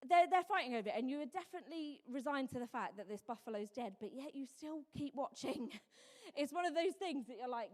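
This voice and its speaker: A woman's voice: high-pitched, a little mellow. Chatty young woman preaching. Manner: chatty, self-mocking storytelling with many "like"s. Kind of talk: sermon. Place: church hall. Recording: long hall reverb.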